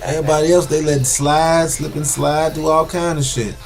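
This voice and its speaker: A man's voice: on the high side, fairly even intonation, brisk, creaky. A man talking bluntly and profanely in a casual podcast conversation. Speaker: podcast co-host.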